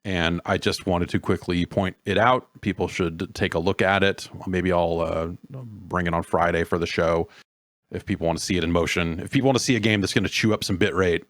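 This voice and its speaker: A man hosting a casual podcast, rambling and halting, with dry sardonic remarks. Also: sits low, fairly even intonation, fairly bright tone, dry recording. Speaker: podcast host. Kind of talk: casual chat.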